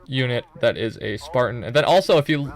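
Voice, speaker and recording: A man's voice: medium pitch, expressive, a little fast. A young man giving loose, profane, rambling commentary over his own gameplay footage, full of joking asides.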